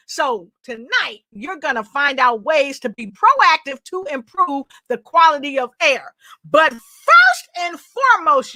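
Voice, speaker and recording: Upbeat lady host, high bouncy voice, bright, dry close mic, hypes the crowd. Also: measured pace, no room sound. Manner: energetic, repetitive call-and-response hype. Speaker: show host. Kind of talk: lively livestream talk show.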